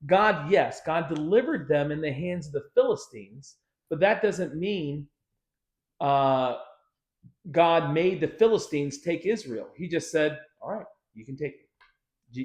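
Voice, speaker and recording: A man pastor teaching a casual Bible study, conversational with joking, sarcastic asides. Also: a little high.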